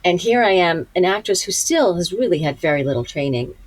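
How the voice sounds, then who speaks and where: A woman actress being interviewed, telling lively stories with frequent laughter. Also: lowish voice, fairly quick, dry recording, rough recording. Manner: lively, laughs often, acts out quotes. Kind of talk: animated storytelling.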